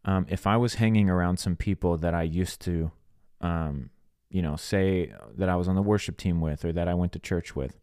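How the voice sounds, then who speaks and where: A man's voice: low-pitched, moderate pace, few pauses, warm tone, smooth, no echo, clean studio sound. A man hosting a faith podcast, preaching earnestly in plain words and acting out conversations. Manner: earnest, plain-spoken, acts out quoted dialogue. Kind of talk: sermon-style podcast teaching.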